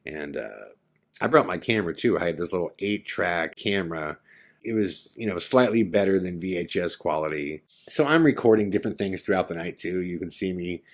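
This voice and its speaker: A man with a lowish voice tells a story on a podcast in a casual, animated way. He slips into his friends' voices for quick quoted lines as he goes. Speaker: podcast host.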